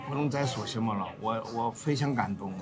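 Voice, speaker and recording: An older man from Korea, with a voice of middle pitch, answers questions in short, halting phrases. Loud music plays underneath him. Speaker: interviewee.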